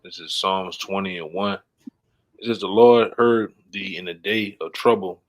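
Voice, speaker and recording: A man reading scripture aloud haltingly, stumbling and restarting words. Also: low voice. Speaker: scripture reader.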